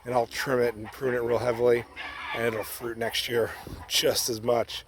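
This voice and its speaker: Relaxed man chatting outdoors, chickens nearby. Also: medium pitch, moderate pace. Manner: relaxed and chatty, often munching berries while talking. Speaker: grower showing his fruit trees. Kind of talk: casual garden vlog. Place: outdoors among fruit trees on his property. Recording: outdoor noise with chickens and a rooster.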